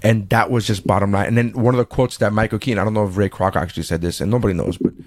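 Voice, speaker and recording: A man in his thirties hosting a podcast, telling a story in casual chat, animated and swearing freely. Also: lowish voice, racing, dry recording. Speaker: podcast host.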